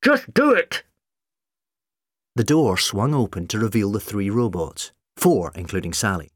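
A man narrating an audiobook in an expressive storytelling manner. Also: on the low side, normal speed, breathy edge, no echo, clean studio sound.

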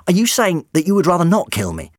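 A man's voice: high-pitched, huge pitch swings, fast, dry recording, clean studio sound, pitched above the performer's own voice. A man voicing a frantic, pleading male time traveller in an audiobook. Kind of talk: audiobook character voice.

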